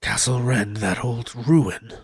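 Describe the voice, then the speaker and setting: A man voicing a furtive former soldier hiding as a farmer, speaking low and hesitant. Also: measured pace, creaky, breathy edge, heavily acted. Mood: hushed. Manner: hushed and hesitant.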